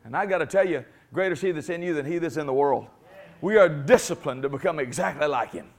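A male preacher with a notably high voice delivers a sermon in a forceful, emphatic way. He hammers phrases over and over and calls on his congregation to answer back. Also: lively intonation, fast, gravelly.

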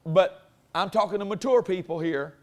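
Casting: male preacher, high voice, homespun conversational sermon delivery that swells with conviction. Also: normal speed, a little mellow. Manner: folksy, conversational preaching that builds in force. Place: church before a congregation.

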